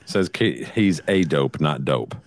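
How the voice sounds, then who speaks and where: A man co-hosting a podcast, reading news stories and tossing in deadpan puns. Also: very deep voice, takes it slowly, dry recording, clean studio sound. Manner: deadpan punning. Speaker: podcast co-host.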